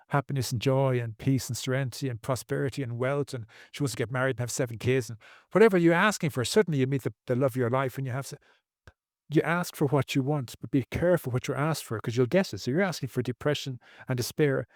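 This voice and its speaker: A man's voice: medium pitch, no room sound, studio quality. A man speaking as a podcast guest, earnest and preachy, repeating phrases for emphasis. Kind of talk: podcast interview.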